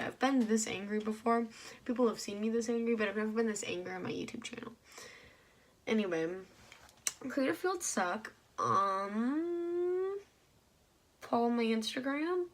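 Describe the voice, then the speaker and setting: Animated young woman ranting to camera. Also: on the high side, a little slow, long pauses. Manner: animated, rambling with many fillers; heated, frustrated. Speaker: vlogger. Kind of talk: casual ranting vlog.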